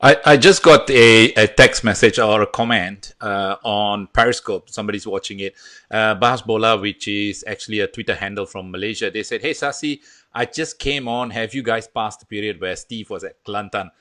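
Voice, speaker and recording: A man's voice: lowish voice, normal speed, fairly bright tone. A man hosting an interview, steering the conversation with questions. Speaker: interview host.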